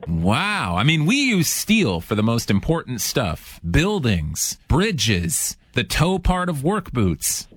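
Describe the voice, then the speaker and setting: Lively joking male radio host. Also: mid-range voice, takes it slowly, few pauses, slightly rough, no room sound. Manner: dry jokey banter, lively up and down. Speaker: radio host taking calls. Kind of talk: joking call-in chat.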